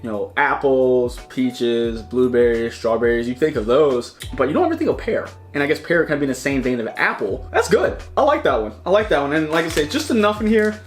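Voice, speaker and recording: Over soft background music, a man running a casual taste-test channel reviews snacks in a mid-range, sing-song voice, brisk and with few pauses. He chats and rambles, often mid-chew, with restarts and repeated words.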